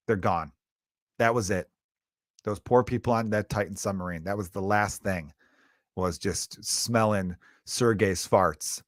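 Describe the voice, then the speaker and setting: A man's voice: mid-range voice, a bit bright, no room sound. Profane ranting man, dry close sound. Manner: profane, riffing, exasperated ranting. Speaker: podcast host and stand-up comedian. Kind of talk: comedic solo rant. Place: lives in Chicago.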